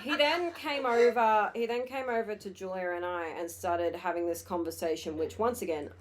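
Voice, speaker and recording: A woman's voice: mid-range voice, moderate pace. A young woman co-hosting a podcast, telling a night-out story in casual chat and acting out the people she quotes. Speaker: podcast co-host.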